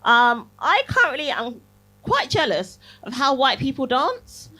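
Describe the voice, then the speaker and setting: Animated woman doing stand-up. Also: high voice, measured pace. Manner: chatty, punchy, laughs at her own jokes, tags lines with "yeah?". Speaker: stand-up comedian. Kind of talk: stand-up comedy set. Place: comedy club stage. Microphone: handheld stage mic.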